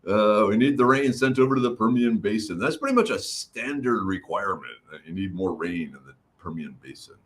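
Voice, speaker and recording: A man's voice: lowish voice, lively intonation, fairly quick, few pauses. Chatty middle-aged man greeting viewers. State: throat recovering. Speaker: livestream host. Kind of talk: casual livestream chat reading comments.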